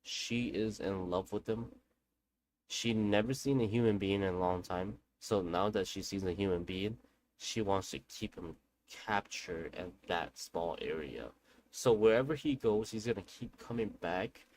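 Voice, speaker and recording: A young man with a fairly low voice tells a family ghost story in a loose, chatty way. He rambles, backtracks and corrects himself mid-sentence. A faint hiss sits under his voice. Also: unhurried, rough recording. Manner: rambling, self-correcting, conversational. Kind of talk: casual spoken ghost story.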